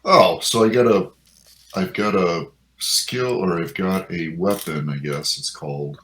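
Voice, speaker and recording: A man's voice: low voice, measured pace, fairly bright tone, echoey room, a little hiss or hum. A man playing a tabletop game, making wry jokes and puzzling over the rules. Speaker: player.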